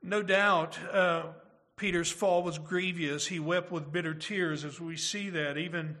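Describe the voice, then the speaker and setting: Male pastor, high bright voice, earnest preaching with rhetorical questions. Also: steady tone, unhurried. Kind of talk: sermon.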